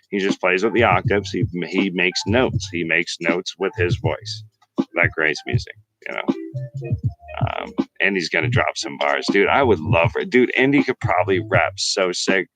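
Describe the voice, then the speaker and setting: Low-voiced profane freestyle rapper. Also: male voice, lively intonation, normal speed, fairly bright tone, soft background music, poor audio. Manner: rambling, heavily profane, boastful. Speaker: livestream host and freestyle rapper. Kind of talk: casual livestream chat and freestyle rap. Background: faint hip-hop beats.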